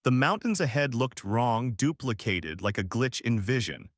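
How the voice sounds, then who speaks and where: A man reading a first-person horror story aloud as scripted narration, with a measured storytelling delivery. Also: medium pitch, lively intonation, no room sound.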